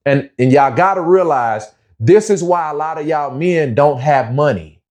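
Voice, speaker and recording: Man, young adult, preachy, lecturing, fairly high-pitched. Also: darkish tone. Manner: preachy, slangy, lecturing, says "bruh" often. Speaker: commentary vlogger. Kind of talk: opinionated commentary monologue.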